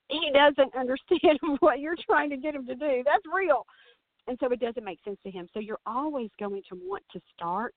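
A woman's voice: mid-range voice, no echo. Woman host coaching parents, tinny sound. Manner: earnest, coaching tone with repeated restarts. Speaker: speech-language pathologist podcast host. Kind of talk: explanatory podcast monologue. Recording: dry, phone-like narrow sound.

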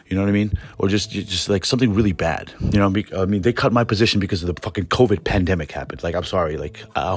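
Fast-talking husky low-voiced man. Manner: rambling, profane, full of restarts. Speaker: podcast host. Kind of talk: casual storytelling monologue.

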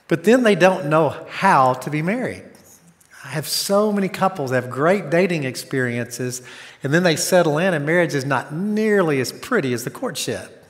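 Earnest man preaching in a reverberant church. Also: a little high. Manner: earnest, storytelling, speeds up in anecdotes. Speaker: guest speaker on marriage. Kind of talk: conversational sermon with personal stories. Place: church sanctuary.

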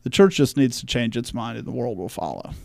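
A man's voice: mid-range voice, sing-song, a little fast, gravelly, a little mellow, dry recording. A man co-hosting a church podcast, speaking emphatically and quoting scripture in a preachy way. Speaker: podcast co-host. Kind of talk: religious discussion podcast.

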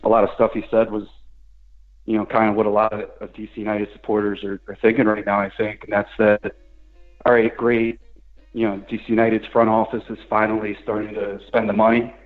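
A man's voice: on the low side, little pitch movement, a little fast. A man calling in as a guest on a phone line, hedging with fillers and repeating phrases. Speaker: guest, soccer site runner. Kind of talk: phone interview. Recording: tinny phone line, faint music.

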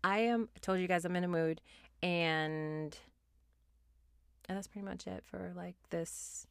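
A woman with a fairly low voice hosts her own podcast, ranting with sassy exasperation and the odd curse word. The recording is dry and close, with no room sound around her. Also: measured pace, gravelly, clear, resonant tone, no room sound. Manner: animated, sassy, exasperated ranting with frequent swearing. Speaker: podcast host. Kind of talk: solo opinion podcast, ranting and reality TV recap.

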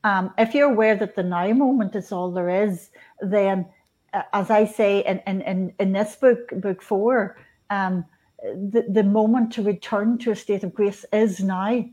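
A woman in her fifties from Northern Ireland, a guest on an interview show, talking earnestly and gently with frequent restarts and soft laughs. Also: mid-range voice, fairly even intonation, unhurried. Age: 50s. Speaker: guest, spiritual author. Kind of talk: conversational interview.

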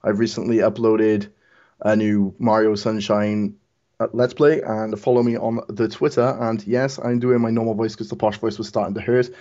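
A man's voice: on the low side, little pitch movement, moderate pace, warm tone. A man on a casual podcast plugging his channel with cheeky, crude jokes. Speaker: podcast panelist. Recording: dull lo-fi sound.

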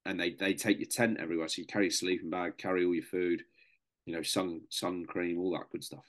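A young man with a very deep voice tells a story on a podcast. He is casual and matey, calls people "mate", and swears freely as he goes. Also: steady tone, brisk, fairly bright tone. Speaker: podcast guest, serving soldier.

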